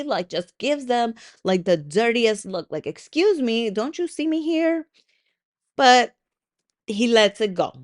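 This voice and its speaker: Lively, casual woman podcast host. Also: fairly high pitch, smooth. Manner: lively storytelling with swearing and voiced asides; conversational, with frequent likes and ums. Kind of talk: casual solo podcast talk.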